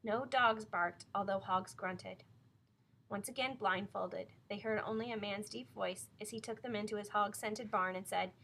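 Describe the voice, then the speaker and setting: A woman narrating a novel aloud in a clear, measured storytelling manner. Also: medium pitch, steady tone, a bit bright, a little hiss or hum. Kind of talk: audiobook reading of a novel.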